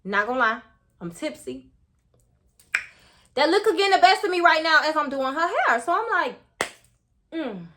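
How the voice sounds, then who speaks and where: A woman's voice: high voice, big pitch swings, normal speed, long pauses, noisy background. A young woman telling a casual storytime to her viewers, chatty and full of slang, talking straight to the audience.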